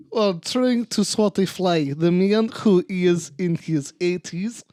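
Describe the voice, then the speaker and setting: Guy doing a cheesy fake french accent, slow and giggly, dry sound. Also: high-pitched, a little mellow, dry recording. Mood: hammy. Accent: put-on French. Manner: giggles through the reading. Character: mock French man, hammy and stereotypical. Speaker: podcast co-host.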